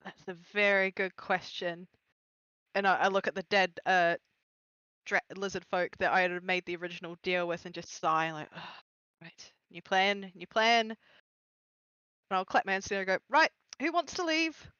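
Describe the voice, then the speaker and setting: A man's voice: high voice, moderate pace, bright, forceful tone, clean tone, no echo, muffled recording. A man playing a tabletop game, speaking wryly as his character. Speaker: player. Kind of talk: tabletop role-play chat.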